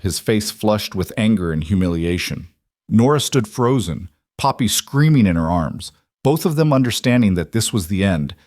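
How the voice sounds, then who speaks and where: Low-voiced man narrating a western. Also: a little mellow, no room sound, clean studio sound. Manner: brisk, dramatic storytelling. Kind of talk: dramatic audiobook narration.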